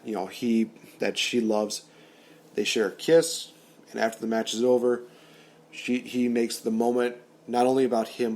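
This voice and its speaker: A man hosting a wrestling podcast, excitedly retelling an imagined storyline and acting out the wrestlers' lines and sound effects. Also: lowish voice. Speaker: podcast host. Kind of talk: fantasy booking recap, casual podcast talk.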